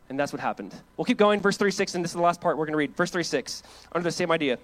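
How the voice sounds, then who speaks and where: A man's voice: fairly high pitch, very fast. A young adult man, a pastor, preaching a sermon. He reads scripture and retells it in casual words, and laughs between his points. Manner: animated, reads scripture aloud and paraphrases it casually.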